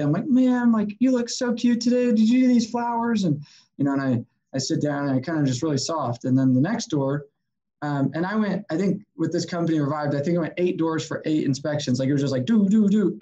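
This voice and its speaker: Animated man telling sales stories. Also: on the high side, highs cut off. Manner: energetic, animated, acts out quotes. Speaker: sales consultant guest. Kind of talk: casual storytelling.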